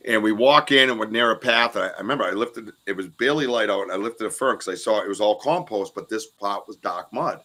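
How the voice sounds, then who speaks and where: A man hosting a podcast, telling an outdoor encounter in an animated way and swearing when he gets worked up. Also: on the low side, fast, hardly any pauses. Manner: animated, swears and yells when retelling scares. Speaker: podcast host. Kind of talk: casual storytelling interview.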